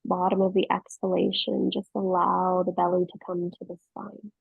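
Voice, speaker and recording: Gravelly, husky-voiced woman guiding yoga. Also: fairly low pitch, flat delivery, dry recording, narrow, tinny audio. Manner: slow, soothing cues paced to the breath. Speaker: yoga teacher. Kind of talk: guided yoga class instruction.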